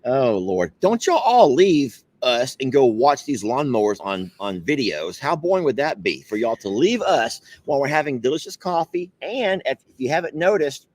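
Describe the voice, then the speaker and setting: Male host, animated pitch, dry close sound, playful and quick to laugh. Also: no room sound. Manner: playful, teasing, laughs often. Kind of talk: casual chat.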